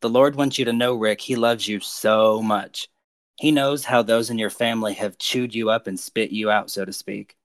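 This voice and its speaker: A man on a podcast delivering prophetic words to named listeners in a slow, earnest, pastoral way. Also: fairly low pitch, steady tone, dry recording.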